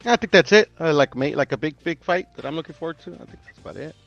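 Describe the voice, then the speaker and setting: A man's voice: a little high, expressive, quick pace, vocal fry, no echo, muffled recording, soft background music. A man co-hosting a casual stream, laid-back and a bit hesitant. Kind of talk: casual livestream chat.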